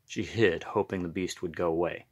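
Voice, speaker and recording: A man reading a picture book aloud in a gentle, unhurried storytelling manner. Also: sits low, husky.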